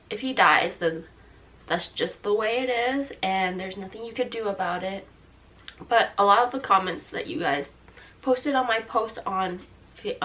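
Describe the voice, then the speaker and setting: A young woman in her twenties talking to camera in a halting, tearful way, with fillers and restarts and a thick throat she keeps clearing. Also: medium pitch, a bit bright. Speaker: vlogger. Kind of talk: personal talk to camera.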